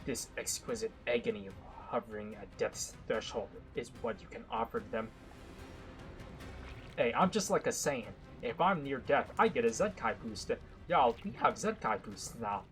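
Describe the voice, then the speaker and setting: Bright-voiced man reading a game story. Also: mid-range voice, moderate pace, soft background music, rough recording. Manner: dramatic narration broken by excitable, joking asides. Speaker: gaming content creator. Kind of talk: reading a visual novel aloud with commentary.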